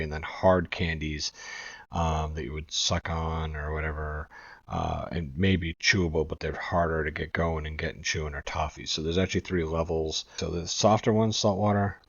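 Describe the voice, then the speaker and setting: A chatty reaction host from New England with a very low voice. He rambles on and drops the odd swear. The recording is dry and somewhat dull. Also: fairly even intonation, normal speed, no room sound. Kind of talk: casual commentary.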